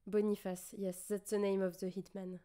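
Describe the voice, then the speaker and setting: Tired French woman, mellow voice. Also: medium pitch, flat delivery, normal speed. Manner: hesitant, searching for English words, many fillers. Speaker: streamer. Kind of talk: casual livestream chat.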